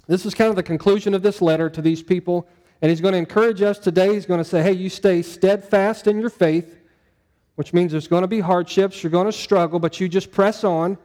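A man's voice: high voice, fairly even intonation, fast, dark tone. A middle-aged man preaching a sermon to his congregation in a conversational, folksy way, often asking the room questions. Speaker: pastor.

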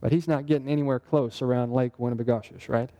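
A man with a warm, medium-pitched voice teaches a Bible lesson at a quick clip, his intonation staying fairly even. His delivery is that of an interactive sermon: conversational, with frequent questions put to the group.

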